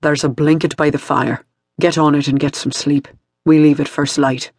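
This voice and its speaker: Male reader plays a ruthless captain, menacing and mocking, husky tone. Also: on the high side, flat delivery, moderate pace, no room sound, studio quality. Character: cold ruthless male soldier leader. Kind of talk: audiobook character voice.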